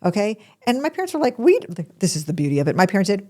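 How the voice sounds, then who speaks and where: A woman's voice: medium pitch, big pitch swings, fast, a little mellow. A middle-aged woman hosting a podcast, telling personal stories in an emotional, confiding way and acting out what others said. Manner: emotional, confiding, with playful quoted voices. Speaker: podcast host. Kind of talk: personal storytelling monologue.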